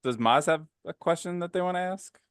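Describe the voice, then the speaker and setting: A man's voice: on the high side, fairly quick, clean tone, no room sound, studio quality. A man from the northern US playing in a tabletop game, chatty and laughing often. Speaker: player.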